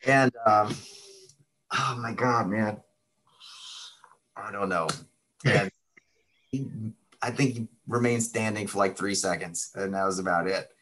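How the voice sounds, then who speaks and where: A man's voice: fairly low pitch, a little slow, long pauses, a bit bright. A middle-aged man who owns a martial arts school, casually telling stories in an interview, laid-back and chatty. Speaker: martial arts school owner, podcast guest.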